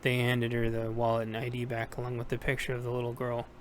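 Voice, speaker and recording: Male audiobook narrator, even monotone reading, light hiss in the recording. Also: mid-range voice, fast talker. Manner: steady, plain reading with small self-corrections. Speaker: audiobook reader.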